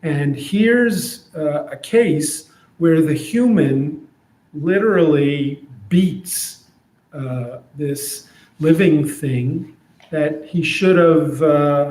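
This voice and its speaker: A man teaching an adult education class on a scripture story, in an easygoing, thoughtful way with many pauses and fillers, in a synagogue classroom. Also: on the high side, a little mellow. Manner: slow, thoughtful, with frequent hesitations. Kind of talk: informal Torah class. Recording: roomy echo.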